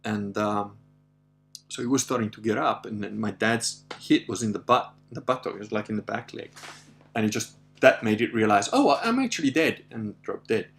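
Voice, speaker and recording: A man's voice: lowish voice, steady tone, moderate pace, fairly bright tone. A middle-aged man hosting a casual livestream, rambling through stories with frequent laughs and reading viewer comments. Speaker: host.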